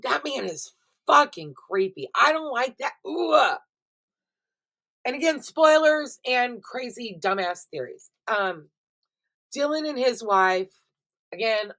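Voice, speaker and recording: A middle-aged woman vlogger, chatting casually and expressively to her viewers about what she has been watching, swearing freely as she goes. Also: fairly high pitch. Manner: chatty, expressive and profane, addresses viewers directly. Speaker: vlogger reviewing TV shows. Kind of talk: casual chatty recap vlog.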